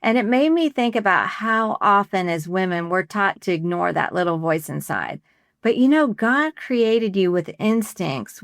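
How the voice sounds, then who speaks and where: A woman's voice: mid-range voice, dry recording, studio quality. A middle-aged woman co-hosting a faith-based podcast, telling a story in a conversational way and acting out the quoted dialogue. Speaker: podcast co-host.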